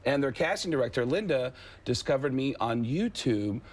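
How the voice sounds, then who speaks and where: A man's voice: mid-range voice, expressive, normal speed. A man, a comedian and impressionist, chatting as a guest in an interview and telling anecdotes. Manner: chatty storyteller, slips into impressions mid-story. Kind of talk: casual interview chat.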